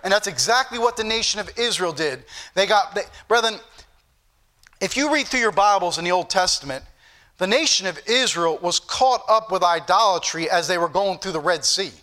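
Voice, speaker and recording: A man's voice: sits high, animated, normal speed, bright, forceful tone. A man preaching a fervent sermon, repeating phrases and calling out to the brethren. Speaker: pastor.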